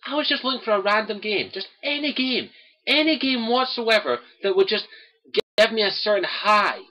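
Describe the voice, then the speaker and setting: Impassioned young Scottish man, high bright voice. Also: expressive, moderate pace. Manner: earnest and impassioned, repeating key phrases. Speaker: host of a gaming livestream. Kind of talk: personal monologue to viewers.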